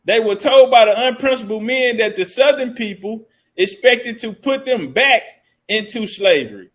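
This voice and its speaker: A man's voice: very high-pitched, lively intonation, moderate pace, fairly bright tone, low-quality recording. A man giving casual history commentary, reading source passages aloud and riffing on them in loose, profane street talk.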